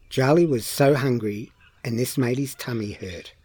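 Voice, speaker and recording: A man reading a children's story aloud in a slow, expressive storytelling manner. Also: medium pitch, slightly rough. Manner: slow, lively storybook delivery.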